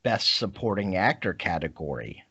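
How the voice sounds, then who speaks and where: A man's voice: sits low, very animated, moderate pace, pushed and bright, slightly rough, no echo. A man co-hosting a casual film-review podcast, teasing his co-host and giving blunt opinions. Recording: dull, dry podcast recording.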